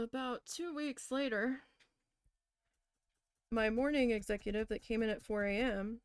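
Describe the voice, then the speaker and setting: A woman's voice: on the high side, clean tone, dry recording, clean studio sound. A woman casually telling a long personal story while crafting, chatty, with many fillers, acting out what she and others said. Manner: chatty, lots of fillers, quotes herself animatedly. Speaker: crafting vlogger.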